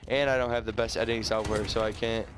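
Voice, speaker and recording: A sixteen-year-old boy, casually telling a story over gameplay in a halting, rambling way full of restarts and stutters. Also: on the low side, steady tone, noisy background. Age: teens. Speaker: gaming YouTuber. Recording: faint gunfire from game audio. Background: video game gunfire.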